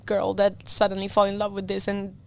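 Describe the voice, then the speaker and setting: Fast-talking young woman, animated storyteller. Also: medium pitch, creaky. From Canary Islands. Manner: animated, many fillers like "like" and "you know". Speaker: racing driver guest. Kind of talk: casual interview storytelling.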